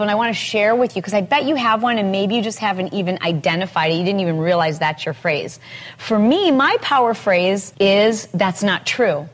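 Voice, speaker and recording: A middle-aged woman hosting a motivational podcast, talking with energy and acting out quoted phrases in lively voices. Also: mid-range voice. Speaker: podcast host.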